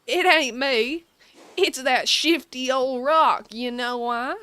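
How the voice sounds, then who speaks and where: A woman voicing an excitable male cartoon tiger from a game, with a folksy Southern drawl. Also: high-pitched, slow pace, smooth, no echo, heavily acted.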